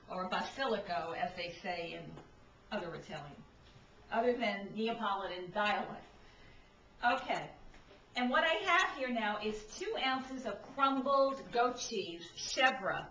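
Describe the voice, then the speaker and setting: A woman's voice: medium pitch, animated, unhurried, pushed and bright, slight background noise. A middle-aged woman from Brooklyn giving a casual cooking demonstration in her home kitchen, chatty and forever checking in with "okay?". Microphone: camcorder mic from a distance. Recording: echoey, distant, slightly dull camcorder audio.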